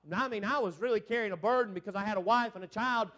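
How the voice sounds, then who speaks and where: A man preaching a revival sermon as an evangelist. He tells a personal story with fervor, dropping low and hushed before building to loud, exclamatory peaks full of "amen.". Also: fast. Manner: fervent storytelling preacher, keeps repeating "boy, I'm telling you" and "amen".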